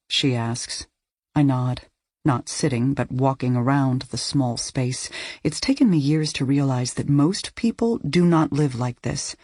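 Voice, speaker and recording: A woman's voice: a bass voice, darkish tone, dry recording, studio quality. A woman reading a first-person thriller audiobook, with tense, emotional delivery. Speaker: audiobook narrator.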